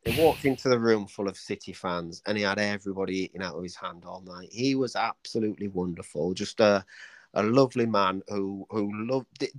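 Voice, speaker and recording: A man's voice: lowish voice, a little fast, no echo. A man, a book author, telling long anecdotes in a casual podcast interview, with many restarts and acted-out quotes. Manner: rambling storyteller with many restarts, acting out quoted voices.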